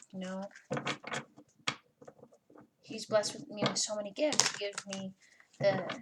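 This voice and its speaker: A woman's voice: medium pitch, heavy background noise. A woman giving a casual personal tarot reading, chatty and swearing freely, with lots of "you know" fillers. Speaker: tarot reader.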